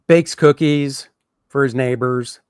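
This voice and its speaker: A man's voice: medium pitch, steady tone, slow, darkish tone, smooth, no room sound, clean studio sound. A man co-hosting an interview show, chatting casually and trading teasing jokes with a guest. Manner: joking, teasing banter. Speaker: co-host.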